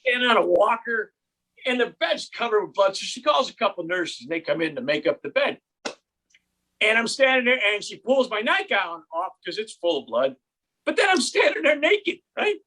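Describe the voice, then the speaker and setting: Comedian, male, stand-up storyteller: lively swooping pitch, bright husky tone, wry deadpan delivery. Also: moderate pace. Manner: deadpan, wry, animated voices for others in the story. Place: home.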